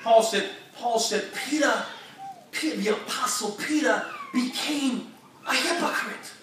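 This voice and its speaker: Recorded from far off in an echoey church sanctuary, an older man with an extremely high, fairly bright voice preaches a little slowly. His sermon is folksy and humorous, rich in colloquialisms, with a bit of hiss or hum and the congregation audible.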